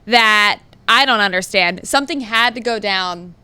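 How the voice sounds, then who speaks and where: Middle-aged woman co-host, bright crisp voice, joking, dry close sound. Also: mid-range voice, no room sound. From Philadelphia area. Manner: quick to chime in, lively and joking. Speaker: advice show co-host. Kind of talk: casual TV advice chat.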